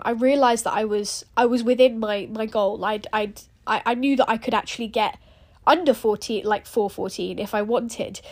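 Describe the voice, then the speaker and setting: A young woman hosting a running podcast, chatting casually and animatedly with lots of "like" fillers. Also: on the high side. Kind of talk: casual solo chat.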